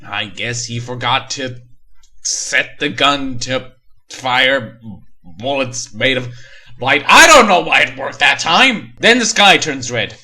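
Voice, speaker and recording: Bright-voiced sarcastic male reader. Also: mid-range voice, animated, slow, breathy edge. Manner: sarcastic, mocking asides. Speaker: story reader and reviewer. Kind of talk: comedic creepypasta reading.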